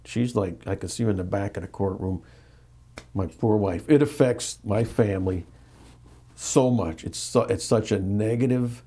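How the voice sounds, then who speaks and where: A man's voice: lowish voice, normal speed, husky. A middle-aged American man, an interview guest, telling a candid story with many restarts and acted-out quotes. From United States. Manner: animated, repeats and restarts, acts out quotes.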